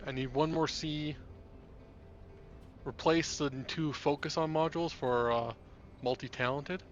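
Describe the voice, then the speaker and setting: A man talking over an online voice chat while gaming, thinking aloud and pausing often to find words. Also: fairly high pitch, steady tone, highs cut off, faint music behind. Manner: halting, thinks aloud about builds. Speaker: co-player. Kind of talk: casual gameplay chat.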